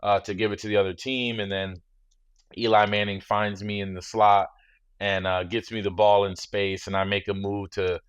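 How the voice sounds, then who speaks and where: A man in his thirties talks as a guest in a relaxed interview. His low voice is measured and reflective, and he often drops in "you know." The recording is close and dry. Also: clear, resonant tone, dry recording. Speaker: guest, former football player.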